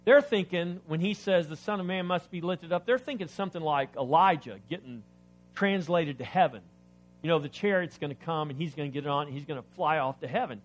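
Preaching a little fast and a little high, a male pastor reads Bible passages and explains them. He questions his listeners and moves back and forth between forceful, loud points and soft side remarks.

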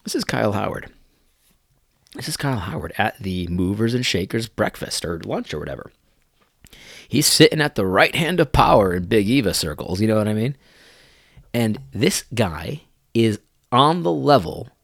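Man, commentator, gravelly, lively pitch, incredulous, mocking, frequent restarts. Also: no room sound, studio quality. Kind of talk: commentary on video clips.

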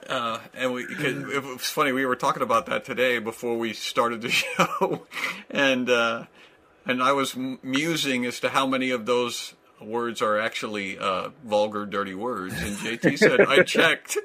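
A man's voice: mid-range voice, steady tone, normal speed, pushed and bright. Rambling man hosting a video-call chat. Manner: rambling, playful, many fillers. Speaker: host. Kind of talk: casual comedy chat.

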